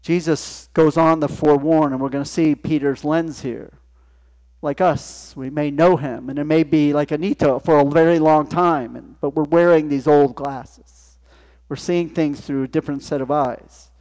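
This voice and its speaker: A man's voice: fairly high pitch, steady tone, moderate pace, a little mellow. A male pastor preaching a sermon in church, talking conversationally and asking his listeners rhetorical questions.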